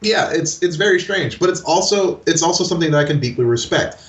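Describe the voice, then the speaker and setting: A man co-hosting a casual podcast, his pitch swinging widely as he talks, a little higher than most men. He laughs often and restarts his sentences. The room has a noticeable echo. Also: animated, quick pace, recorded from a distance, very noisy. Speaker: podcast co-host.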